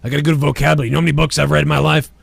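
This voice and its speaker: Gravelly man in a talk-radio rant. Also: fairly high pitch, flat delivery, rapid-fire, dry recording. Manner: ranting, angry, swearing. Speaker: comedy show host.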